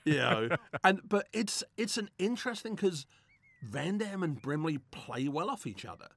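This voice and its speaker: A man co-hosting a film commentary in casual chat, animated and laughing, acting out mock quotes as he jokes. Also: on the high side, moderate pace, vocal fry, no echo.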